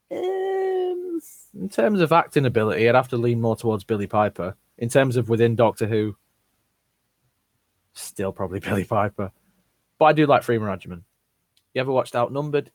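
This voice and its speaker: A young man answers viewer questions one after another, reading each out and then giving a blunt, often sweary verdict. His voice sits at an ordinary middle pitch. The sound is dry and close, with no room echo. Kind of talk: casual Q&A, reading questions aloud.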